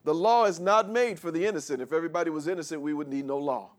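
A man preaches a sermon, reading scripture slowly before explaining it and rising louder and higher as he goes. He calls out questions for the congregation to answer in a call-and-response style.

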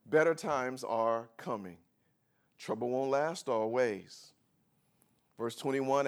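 A man pastor preaching a sermon, swinging between quiet, low passages and loud, high, shouted peaks. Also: a little slow.

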